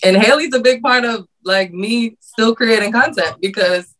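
A woman's voice: a little high, normal speed, fairly bright tone, poor audio. A woman guest on a podcast who creates content, talking in a casual, earnest and heartfelt way, laughing often.

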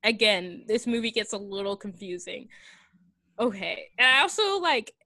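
A woman casually recapping a film plot in a chatty, rambling way, full of fillers and quick giggles. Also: mid-range voice, sing-song, bright, forceful tone, no echo. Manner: rambling, giggly retelling with many fillers and acted quotes. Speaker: podcast co-host recapping a film. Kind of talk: casual chat.

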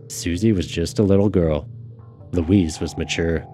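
A man narrating a dark novel in a measured storytelling manner. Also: low-pitched, steady tone, faint music behind. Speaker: audiobook narrator. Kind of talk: scripted narration.

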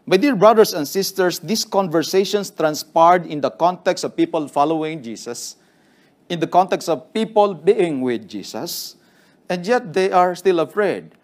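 A man's voice: fairly high pitch, animated, moderate pace. A man preaching a sermon to his congregation, telling the stories in an earnest way and acting out the quotes. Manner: storytelling with acted quotes, earnest.

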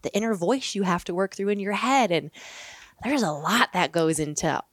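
A woman guesting on a podcast in casual chat, upbeat and quick with asides and easy laughs. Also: mid-range voice, expressive, no room sound, clean studio sound. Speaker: podcast guest, Pilates instructor.

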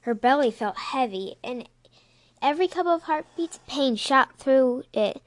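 A woman reading an animal storybook aloud in a lively, expressive way. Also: high voice, a little slow. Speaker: reader.

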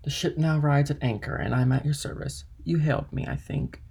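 A man with a gravelly, husky voice voicing a dutiful young male ship's mate in an audiobook reading. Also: fairly high pitch, a little fast, darkish tone, voice pushed up. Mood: earnest.

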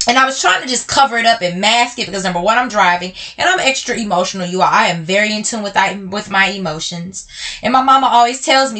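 Her mid-range voice pushed and bright, a woman hosting a podcast speaks personally to her audience, whom she calls y'all. Emotional, candid, blunt and direct, she shifts back and forth between slow and fast delivery.

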